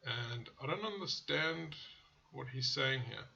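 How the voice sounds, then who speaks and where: A man with a gravelly, bright voice reviews car ads casually. He talks bluntly and swears freely, and he tends to drift into rants. The recording sounds slightly dull and lo-fi. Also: medium pitch, animated, measured pace. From South Africa. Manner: blunt and profane, riffs into rants. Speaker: car channel host.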